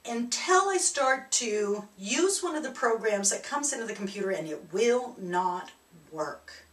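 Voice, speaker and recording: A woman telling a reflective personal story as a spiritual speaker, animated and laughing as she goes. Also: a little high, measured pace. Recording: echoey room, distant mic.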